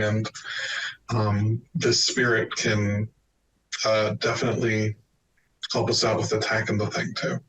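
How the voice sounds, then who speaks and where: Slow hesitant guy player, sounds far off from the mic, bit of background hiss. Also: fairly low pitch, fairly bright tone. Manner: slow, thoughtful, hesitant with ums. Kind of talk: casual tabletop game chat. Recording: distant mic with faint room noise.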